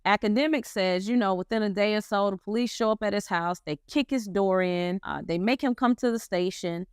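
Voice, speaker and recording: Woman, casual storytelling commentary, slangy and animated, mid pitch, dry close sound. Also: fairly quick, clean tone, no room sound. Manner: slangy, animated retelling with acted quotes. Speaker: commentary host.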